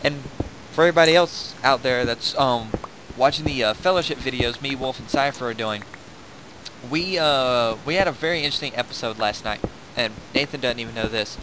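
A man's voice: mid-range voice, fairly quick, noisy background. A young man hosting a gaming video, rambling and joking in casual commentary while laughing at himself.

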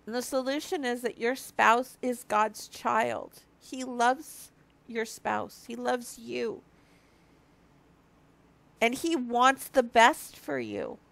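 Teary, slow-speaking woman in her fifties. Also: a little high, fairly even intonation, gravelly, fairly bright tone. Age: 50s. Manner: earnest and confessional, with halting restarts. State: teary, on the edge of crying. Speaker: marriage ministry speaker. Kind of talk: heartfelt devotional talk to viewers.

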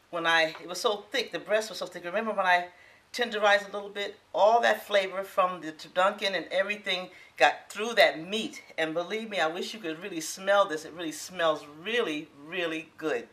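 A woman's voice: on the low side, fairly bright tone. A woman in her sixties demonstrating a recipe in her home kitchen, talking straight to viewers in a folksy, exclamatory way. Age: 60s. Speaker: home cook. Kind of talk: casual cooking demonstration.

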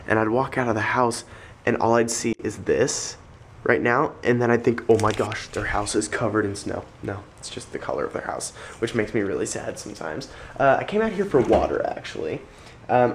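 A man's voice: mid-range voice, a little hiss or hum. A young man, chatting casually into a handheld camera, rambling with lots of ums and restarts while he sounds tired and unwell. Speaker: vlogger. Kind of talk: casual vlog chat. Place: outdoors in the rain, then a home garage.

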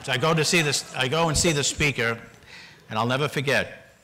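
A man's voice: medium pitch, fairly quick, noisy background. An older man from Boston, a panelist at a public forum, telling a personal story earnestly, with repeated restarts.

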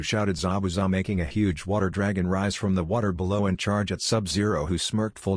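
A man reading a fan fiction story as scripted narration, in a steady, even way. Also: low voice, fairly quick, few pauses, slightly rough, no room sound, studio quality.

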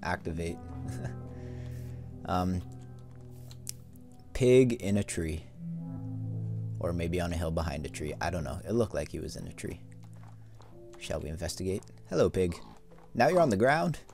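Low-voiced man rambling over gameplay. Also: unhurried, vocal fry, long pauses, mellow, faint music behind. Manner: rambling, easygoing, many fillers. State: yawning. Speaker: let's play host. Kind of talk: casual gameplay commentary.

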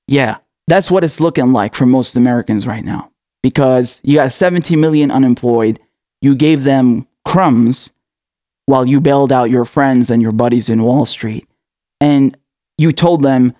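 A man's voice: medium pitch, measured pace, darkish tone, no echo, studio quality. A man giving sarcastic political commentary, mocking and taunting his listeners with rhetorical questions and frequent laughs.

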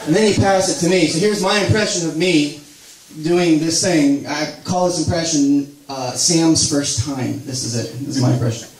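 A man's voice: on the high side, normal speed. Late-30s man, live spoken word, rambling self-mocking delivery, distant mic in an echoey room with a crowd. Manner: rambling, self-deprecating storytelling with audience laughs. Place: small live venue with audience. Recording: roomy live recording from far off, crowd noise. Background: audience laughter.

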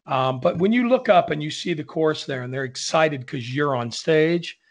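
This is a man co-hosting a casual video-call chat among opera singers. His voice sits slightly high with a gravelly, fry-laced texture. He rambles warmly while steering the conversation along. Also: animated, normal speed. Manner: warm-hearted, rambling, keeps the talk moving.

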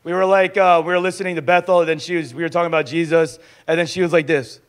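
A young adult man teaching in a sermon style, lively and acting out little dialogues as he goes. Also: fairly high pitch, quick pace. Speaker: pastor teaching a discipleship school.

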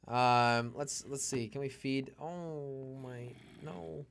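A man's voice: mid-range voice, takes it slowly, gravelly, fairly bright tone, a little hiss or hum. A young man streaming live gameplay, exclaiming and fretting aloud and answering his chat. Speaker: gaming streamer.

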